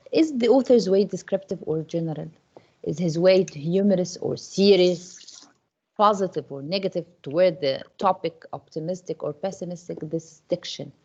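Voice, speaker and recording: Teaching an online class, a woman English teacher repeats questions to her students, with many fillers and restarts. Her voice is lowish and mellow, and the audio sounds dull.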